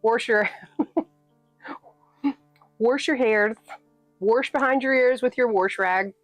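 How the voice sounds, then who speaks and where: A woman's voice: a little high, slow, dry recording, faint music behind. A woman from New England chatting casually with her live-stream viewers, playful and sassy and laughing often. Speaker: livestreamer and author reading her novel.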